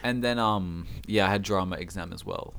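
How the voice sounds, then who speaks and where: Low-voiced teenage guy. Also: vocal fry. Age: teens. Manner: relaxed, halting, with ums and restarts. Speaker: podcast guest. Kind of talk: casual chat.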